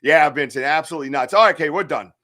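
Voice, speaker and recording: A man's voice: on the high side, very fast, pushed and bright. A man hosting a casual livestream podcast, hyper and joking as he reads out chat comments. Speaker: podcast host.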